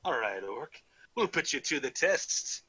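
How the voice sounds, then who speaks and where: A man's voice: mid-range voice, sing-song, measured pace, bright, forceful tone, no echo, heavily acted, rough recording. A man voicing a prickly, bearded female dwarf researcher in a put-on Scottish accent, grumbling and dismissive. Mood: gruff.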